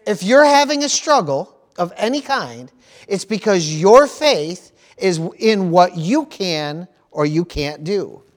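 Man, pastor, sermon, high voice, repetitive, praise interjections. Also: big pitch swings, takes it slowly. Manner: repeats himself, interjects praise.

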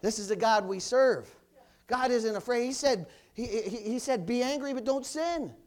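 A male preacher with a strikingly high voice delivers a loud, fiery sermon in a church. He swings into calls of hallelujah and praise the Lord as he drives each point home. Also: normal speed. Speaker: pastor.

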